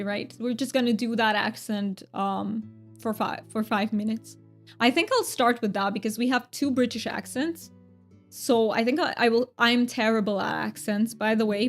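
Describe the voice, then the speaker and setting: Chatty, giggly woman streamer talking to her chat; pitched a bit high, light music underneath. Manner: chatty, giggly, thanks viewers by name. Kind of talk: casual livestream chat.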